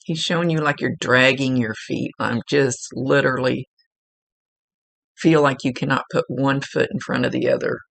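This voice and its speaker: A woman's voice: a bass voice, steady tone, normal speed, gravelly, no echo. A woman working as a psychic medium, giving an informal, rambling one-on-one reading from her chair at home. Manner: informal, rambling, with many fillers and restarts. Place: at home, seated.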